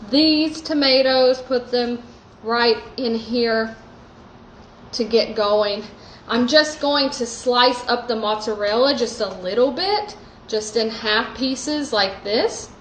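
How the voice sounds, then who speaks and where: A woman hosting a live cooking demo from her home kitchen, chatty and relaxed, with lots of fillers. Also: a little high, roomy sound, a little hiss or hum, rough recording. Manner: chatty, lots of likes and ums. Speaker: host. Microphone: phone live stream.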